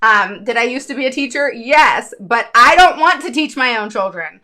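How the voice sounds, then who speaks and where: Bright-voiced candid woman vlogger. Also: fairly high pitch, lively intonation, moderate pace. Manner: candid, emotional, chatty. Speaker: parent advocate, show host. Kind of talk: casual vlog talk to viewers.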